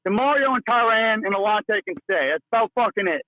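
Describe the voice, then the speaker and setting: A male caller rants in fury over a tinny phone line, swearing through every sentence. His voice sits very high for a man. The line is thin and dry. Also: lively intonation, quick pace, no echo. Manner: furious, profane ranting. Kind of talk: call-in sports talk.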